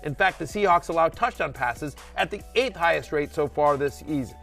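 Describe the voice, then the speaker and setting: A man with a fairly high voice, chatting loosely about fantasy football, circling back on himself with lots of restarts and fillers. Faint music plays underneath. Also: lively intonation, moderate pace, vocal fry, fairly bright tone. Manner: rambling, many restarts and fillers. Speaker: fantasy football analyst and show host. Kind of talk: casual sports chat.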